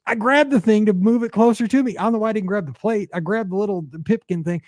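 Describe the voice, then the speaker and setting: A man in his forties, a podcast host, telling a story in casual chat with many fillers and excited jumps in pitch. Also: quick pace, no echo, studio quality.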